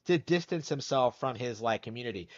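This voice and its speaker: A man's voice: medium pitch, animated, fairly quick, muffled recording. A man giving video commentary, rambling and leaning on lots of filler words.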